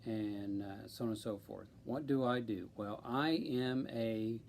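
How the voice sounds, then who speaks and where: Male streamer, deliberate unhurried delivery, filler-heavy casual chat. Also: on the low side, darkish tone, a little hiss or hum. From central Illinois, USA. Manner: slow, deliberate, with many ums. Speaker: live stream host.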